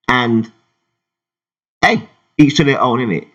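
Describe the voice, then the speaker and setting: Animated London man talking crypto. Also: a little slow, pauses often, dull audio. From England. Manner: animated, slangy, rambling, swings from loud to low. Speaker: crypto vlogger. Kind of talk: casual talk to camera.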